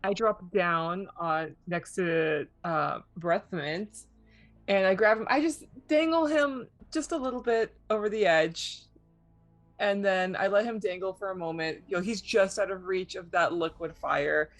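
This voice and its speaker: Calm, deliberate tabletop player. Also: mid-range voice, soft background music. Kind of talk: tabletop role-play.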